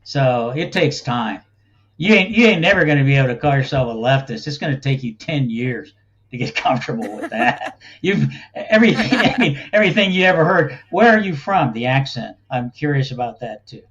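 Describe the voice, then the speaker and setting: A man's voice: mid-range voice, animated, brisk, a bit bright, muffled recording. A man speaking as a guest in a casual interview, rambling in a folksy way and laughing often. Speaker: guest, think tank cofounder.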